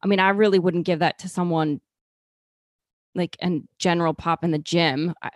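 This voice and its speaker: A woman's voice: on the low side, fairly even intonation, moderate pace, no echo. Skeptical woman co-host, dry sound. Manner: skeptical, questions and pushes back. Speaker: fitness podcast co-host. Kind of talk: casual chat.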